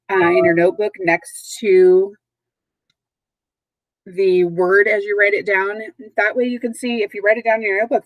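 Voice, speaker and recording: A patient woman teacher walks through a recorded vocabulary lesson at a middle pitch. She speaks clearly and repeats each word slowly. The sound is close and dry, with no room around it. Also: dry recording, poor audio. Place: at home, dogs nearby.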